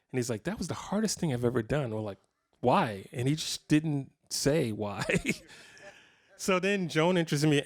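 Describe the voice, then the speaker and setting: A man in his fifties, a guitarist telling funny stories to a live clinic audience. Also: mid-range voice. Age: 50s. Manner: animated, jokey anecdotes with frequent laughs. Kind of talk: casual storytelling to a live audience.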